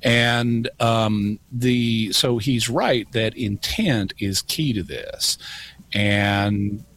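Measured, precise man explaining on radio. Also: on the low side, a bit bright. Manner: measured, precise, dry wit. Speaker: regular guest expert.

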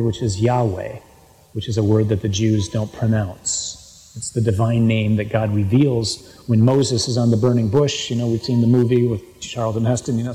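A man's voice: medium pitch, mellow. A man preaching a sermon, reading scripture aloud and breaking off with emphatic, incredulous asides. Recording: long hall reverb.

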